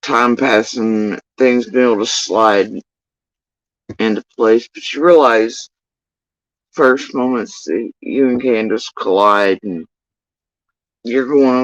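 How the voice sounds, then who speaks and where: A man telling an emotional personal account, halting and swearing often as he recounts what happened. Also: mid-range voice, no echo, lo-fi sound. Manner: profane, halting, emotional retelling. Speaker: witness recounting events.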